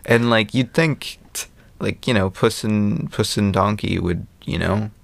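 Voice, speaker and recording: Low-voiced man in dry, rambling chat. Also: creaky, no echo. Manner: rambling, animated retelling with quick mimicry. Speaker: podcast co-host. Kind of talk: casual movie review chat.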